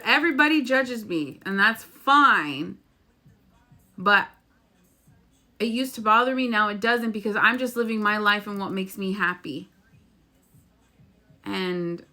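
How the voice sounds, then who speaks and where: A woman's voice: mid-range voice, pushed and bright. A woman talking earnestly and emotionally to her viewers in a casual spiritual vlog, rambling and swearing now and then. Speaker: spiritual vlogger. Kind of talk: heartfelt casual monologue.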